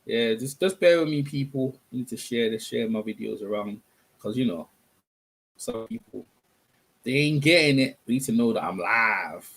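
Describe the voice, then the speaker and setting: A man's voice: medium pitch, lively intonation, normal speed, vocal fry, fairly bright tone, slightly rough. A man hosting a casual boxing live stream, rambling and chatting with his viewers. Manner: rambling, chatty, talks to viewers, self-corrections.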